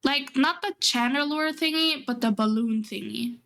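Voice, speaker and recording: A woman's voice: high-pitched, moderate pace, a bit bright. A young adult woman streaming, chatting casually and rambling, often laughing as she talks. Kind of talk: casual chat.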